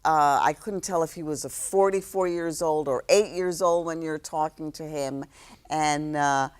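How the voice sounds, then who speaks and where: A woman in her sixties from New York City, a guest telling stories in a relaxed interview, reflective, with many fillers and restarts. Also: low voice, a little slow, smooth. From New York City, South Bronx. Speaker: guest, actress.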